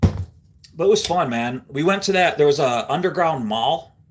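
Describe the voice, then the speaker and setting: A man's voice: fairly high pitch, animated, a little slow, noisy background. A middle-aged man from Central New York hosting a live stream, telling a rambling story to his viewers in a casual way, full of fillers and easy laughs. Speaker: livestream host.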